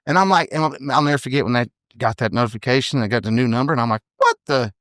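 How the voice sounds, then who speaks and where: In a dry, studio-quality recording, a man in his thirties who ropes professionally tells casual podcast stories at a very fast pace. His mid-range voice is animated, and "you know what I mean" comes up often.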